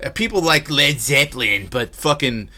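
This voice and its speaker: A man co-hosting a podcast in casual chat, animated, swearing a lot and laughing easily. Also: medium pitch, normal speed. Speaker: podcast co-host.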